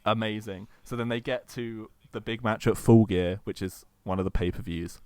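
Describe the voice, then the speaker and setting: A man's voice: fairly low pitch, fairly even intonation, normal speed, a little mellow, clear, resonant tone, no room sound. A man cohosting a casual podcast chat, eagerly retelling a long story and acting out quotes between many fillers.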